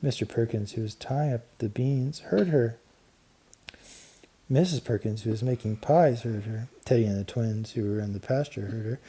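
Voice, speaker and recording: A man narrating a children's storybook with steady, clear storytelling and lively emphasis. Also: mid-range voice, normal speed. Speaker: audiobook narrator. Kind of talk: storybook reading.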